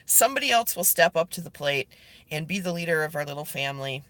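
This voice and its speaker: A woman's voice: low voice, lively intonation, fast talker, fairly bright tone, no room sound. A woman livestreaming to her online group, talking earnestly and pleading directly with her viewers as she answers their comments. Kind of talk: casual live video chat, reading viewer comments.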